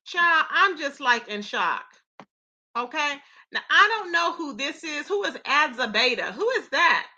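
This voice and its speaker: A woman's voice: high-pitched, very animated, a little slow, bright, forceful tone, lo-fi sound. A woman hosting a live gossip commentary stream, reacting with incredulous rhetorical questions and greeting her chat. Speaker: commentary channel host.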